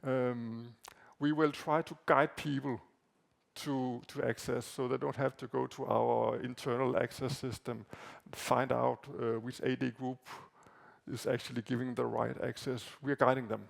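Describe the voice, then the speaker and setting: A man whose first language is Danish gives a conference talk, walking through slides in a halting way with frequent fillers and repeated words. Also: medium pitch, flat delivery, vocal fry. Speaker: conference presenter. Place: conference hall.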